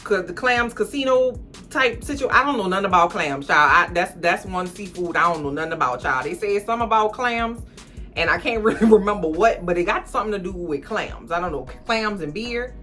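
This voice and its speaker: Bright-voiced chatty woman vlogger. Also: medium pitch, brisk, soft background music. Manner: animated, slangy, chatty, talks to viewers as cousins. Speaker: TV recap vlogger. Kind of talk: casual TV recap rant.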